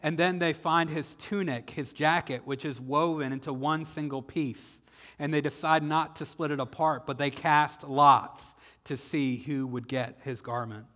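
A man with a Southern US accent preaching a sermon, retelling the story dramatically and slowing down for emphasis. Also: a little high, fairly even intonation, bright, forceful tone. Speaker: pastor. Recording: echoey hall with long reverb.

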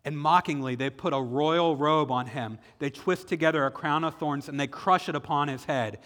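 Man, Southern US accent, pastor preaching, forceful bright tone, dramatic slow emphasis, long hall reverb. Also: on the high side. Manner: dramatic retelling, slowing for emphasis. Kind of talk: sermon.

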